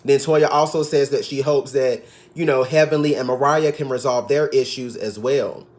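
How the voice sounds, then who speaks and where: A man's voice: mid-range voice, fairly even intonation, normal speed, a little mellow. A man giving a casual, sassy recap of a reality TV episode, gossiping and now and then mimicking the cast. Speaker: TV recap vlogger.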